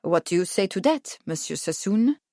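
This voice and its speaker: A woman's voice: on the low side, lively intonation, normal speed, mellow, no echo. A woman reading the lines of a wry, cigar-smoking French army captain. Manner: wry, dry.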